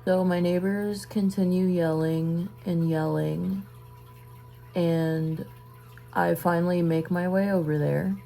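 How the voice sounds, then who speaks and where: A young woman telling a personal story in a casual vlog, halting and trailing off into soft asides while busy with a task. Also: fairly low pitch, fairly even intonation, gravelly, rough recording. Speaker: vlogger.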